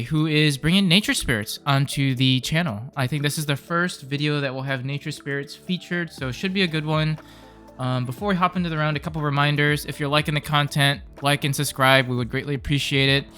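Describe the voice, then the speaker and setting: A man's voice: mid-range voice, sharp tone. A man hosting a card game channel, upbeat and chatty as he opens the match commentary. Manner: upbeat, chatty, laughs easily. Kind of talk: casual match commentary intro.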